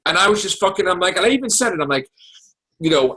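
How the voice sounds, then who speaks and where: A man hosting a casual podcast chat, recapping TV shows in an excitable, profane, animated way. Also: high-pitched, fast talker, rough recording. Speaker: podcast host.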